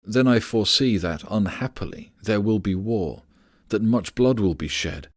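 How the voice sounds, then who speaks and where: Guy reading a worried adjutant in an audiobook, deep voice, dry close sound. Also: lively intonation, moderate pace, no echo. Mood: earnest. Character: worried adult male adjutant, earnest envoy.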